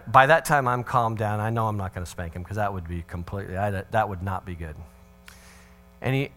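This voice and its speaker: A middle-aged man giving a parenting talk, telling a family story with humor and acting out the voices of the people in it. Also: mid-range voice. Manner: animated, acts out family dialogue with swings of voice; humorous, sarcastic asides. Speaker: parenting seminar speaker.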